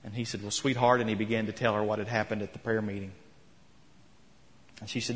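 A man's voice: lowish voice, little pitch movement, quick pace, long pauses. Man preaching a sermon in a reverberant church. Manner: storytelling, retelling quotes with rising emphasis. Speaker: pastor. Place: church sanctuary. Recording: long hall reverb.

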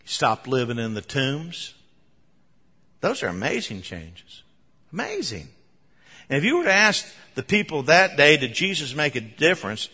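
A man delivers a sermon in a bright, forceful voice that rings through a large, echoing hall. He tells the story in an animated way, breaking into chuckles and sudden emphatic bursts. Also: fairly high pitch, moderate pace, husky. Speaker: preacher.

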